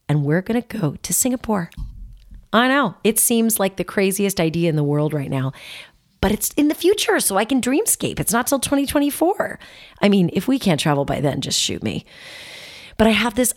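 A woman's voice: on the low side, darkish tone. A woman in her late forties giving a motivational self-help talk, earnest and playful, stretching words out for emphasis. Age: 40s.

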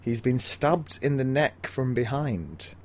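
A man's voice: medium pitch, lively intonation, takes it slowly, darkish tone. A man co-hosting a casual book podcast, summarizing the plot with dry understatement. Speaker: podcast co-host.

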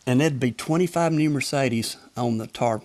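A man's voice: mid-range voice, moderate pace, darkish tone. Older Southern man, Alabama accent, folksy storyteller, chuckles as he talks. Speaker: retired tennis umpire guest. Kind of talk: casual storytelling.

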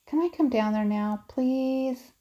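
A woman's voice: high-pitched, slow pace, dull audio, voice pushed up. A woman doing an eager little girl. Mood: pleading. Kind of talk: audiobook character voice.

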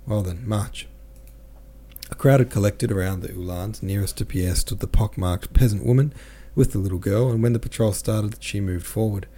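A man narrating a classic novel as an audiobook reader, in a measured, steady manner. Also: lowish voice.

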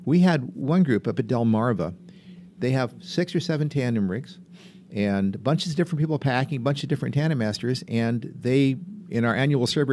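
A man's voice: medium pitch, mellow, a little hiss or hum. An older man, a veteran skydiver, telling rambling anecdotes as an interview guest and chuckling as he goes. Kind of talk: casual anecdotal storytelling.

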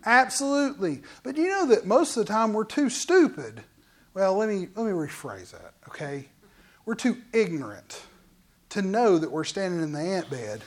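A man pastor preaching a sermon in an animated, conversational way, full of asides to the congregation. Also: sits high, moderate pace. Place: church.

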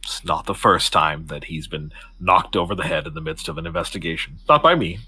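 A man voicing a composed older woman who leads a secret order, speaking in a calm, measured, persuasive way. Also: deep voice, a little hiss or hum, pitched below the performer's own voice, exaggerated voice.

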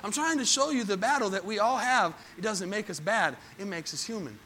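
A man preaching a sermon as pastor, moving between hushed storytelling and loud, emphatic passages and asking the congregation questions. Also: sits high, brisk, a little hiss or hum.

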